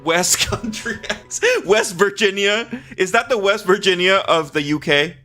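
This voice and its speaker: Male streamer in his forties, loose and chatty, laughs a lot, unhurried delivery, bright tense tone. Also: high voice, animated, soft background music. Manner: chatty, laughs often, swears freely. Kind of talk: casual live-stream chat.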